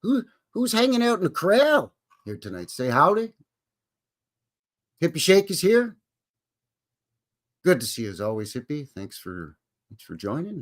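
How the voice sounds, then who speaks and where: A man hosting a live stream, greeting viewers in a jokey, folksy way with cowboy slang. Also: a little high. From Canada. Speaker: livestream host. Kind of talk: casual live-stream chat.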